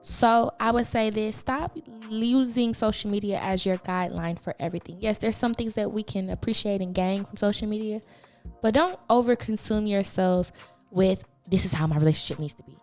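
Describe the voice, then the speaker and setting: A young woman hosting a casual podcast, her voice gravelly with vocal fry, quick to back up her guest. Faint music plays underneath. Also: mid-range voice, fairly even intonation, darkish tone. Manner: affirming, quick to agree. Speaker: podcast host.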